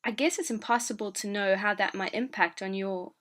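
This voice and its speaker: A woman hosting a casual podcast, asking her guest gentle, probing questions. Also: medium pitch, fairly quick. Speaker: podcast host. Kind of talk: interviewing in casual chat.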